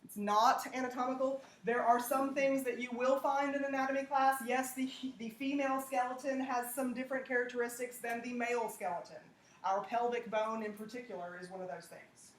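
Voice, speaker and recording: A woman's voice: a little high, steady tone, a little fast. Woman teaching a class. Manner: conversational, checks in with "okay?". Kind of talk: classroom lecture.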